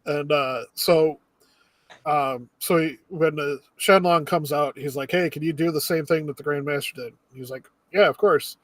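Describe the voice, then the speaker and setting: Higher-voiced young man, dry sound. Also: moderate pace, no room sound. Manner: relaxed plot recap with many fillers. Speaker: podcast co-host. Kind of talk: casual movie review chat.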